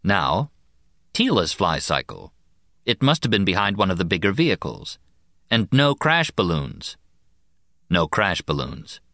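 A man narrating an audiobook in a very deep voice that still rises and falls with plenty of life. He reads in a measured way, slowing down on key words, and the recording is close and dry. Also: big pitch swings, sharp tone, no echo. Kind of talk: scripted narration.

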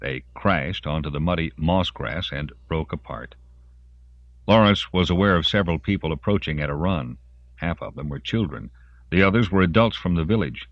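A man narrating a story in an expressive storytelling voice. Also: low-pitched, moderate pace, dry recording, lo-fi sound. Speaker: audiobook narrator. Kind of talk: scripted narration.

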